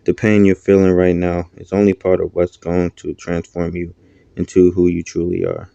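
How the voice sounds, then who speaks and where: A man's voice: low-pitched, monotone, normal speed, gravelly, warm tone, no room sound. A man voicing an ancient fatherly divine spirit, speaking in a solemn, consoling way on a dull lo-fi recording.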